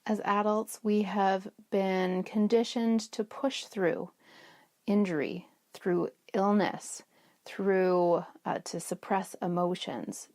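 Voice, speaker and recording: A woman's voice: lowish voice, a little mellow, no room sound, studio quality. A middle-aged woman hosting a self-care podcast, telling stories in a chatty way that restarts sentences. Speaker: podcast host. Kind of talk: casual self-care talk.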